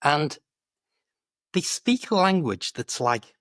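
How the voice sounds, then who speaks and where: A man who coaches English, chatting in a lively, animated way about British expressions, laughing easily and often saying "do you know". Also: on the high side, takes it slowly, no echo, clean studio sound.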